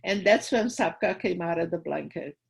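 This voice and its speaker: A woman's voice: on the low side, expressive, normal speed, gravelly, husky, rough recording. An older woman giving personal testimony to a school audience, retelling her memories vividly and acting out the dialogue. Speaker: guest speaker at a school.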